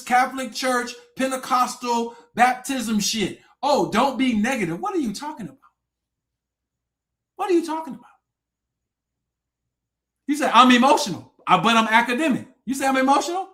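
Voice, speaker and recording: A livestream host with a high voice delivers a confrontational rant from his desk mic, loud, profane and taunting. He lurches from yelling to muttering under his breath and challenges viewers to join and debate him.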